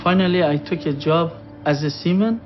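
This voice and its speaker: A middle-aged man speaking in a documentary interview, halting and hesitant, with broken non-native grammar. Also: a little high, soft background music. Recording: dull lo-fi documentary audio.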